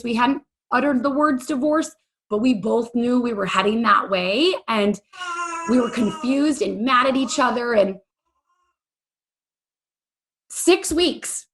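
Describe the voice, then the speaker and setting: A woman's voice: fairly high pitch, a bit bright. A woman in her forties, an interview guest telling a candid personal story in an earnest, emotional, chatty way with many fillers. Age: 40s.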